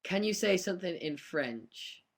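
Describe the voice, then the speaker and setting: High-pitched, expressive, and unhurried, a young man chats casually on a live stream, answering fan questions. He's chatty and rambling, laughing often and filling his answers with plenty of ums.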